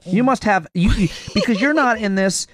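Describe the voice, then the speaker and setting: A man's voice: sits high, lively intonation, normal speed, fairly bright tone. Rambling, joking male radio host. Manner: rambling, joking, full of restarts. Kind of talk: radio interview.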